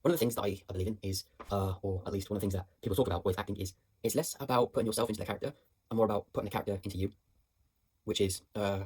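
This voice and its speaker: A young drama student thinks aloud in a fast, rambling voice note, full of fillers and restarts. His voice is husky and a little low, and the sound is dry and close with hardly any room around it. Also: fairly even intonation, darkish tone, no room sound. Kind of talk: reflective voice note on acting practice. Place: indoors at home.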